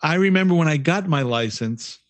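A man's voice: fairly high pitch, expressive, brisk, dry recording. Profane, rambling man, former radio DJ. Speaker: podcast co-host. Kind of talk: casual chat.

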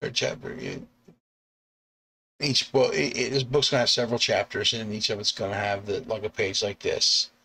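A middle-aged man, a comic artist and bus driver, chatting casually on a live stream, rambling with restarts and chuckles and acting out quoted lines in sudden high yelps. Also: fairly even intonation, moderate pace, sharp tone, slightly rough. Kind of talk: casual live-stream chat about artwork.

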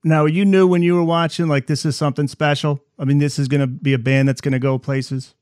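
A man's voice: on the high side, level tone, a little fast, darkish tone, no echo, studio quality. A man hosting an interview, asking friendly, encouraging questions. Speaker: interview host. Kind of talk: casual interview.

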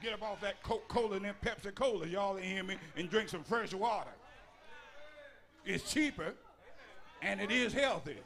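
A bishop a sermon in a rhythmic, folksy way, building repeated lists up to shouts. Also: male voice, high-pitched, normal speed, pauses often, some chatter behind. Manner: folksy, with dialect grammar and humor. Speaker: bishop preacher.

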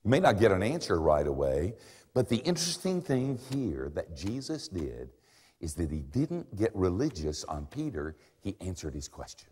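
An older man preaching a sermon with dramatic swings in pitch and volume and wry, self-mocking humor. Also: very animated, moderate pace, darkish tone, slightly rough. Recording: long hall reverb.

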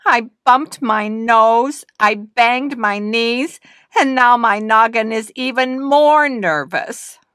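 A woman's voice: mid-range voice, very animated, slow, fairly bright tone, no room sound, clean studio sound. A woman voicing a nervous, stubborn little girl nandu bird in a storybook reading, refusing things in anxious, whiny refrains. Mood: wailing.

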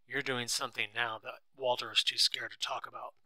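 A man's voice: medium pitch, little pitch movement, brisk, pushed and bright, no echo, rough recording. A man voicing an arrogant, bullying rich husband who snaps out accusations in a storybook reading. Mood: accusing. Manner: snapping, accusing.

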